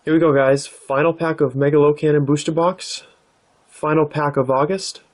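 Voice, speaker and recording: A man hosting his own card-opening vlog, talking in a relaxed, thoughtful way with plenty of "uh"s and "um"s. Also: fairly high pitch, moderate pace. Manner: relaxed, thoughtful, with many fillers. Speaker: card-opening channel host. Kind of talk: casual vlog narration.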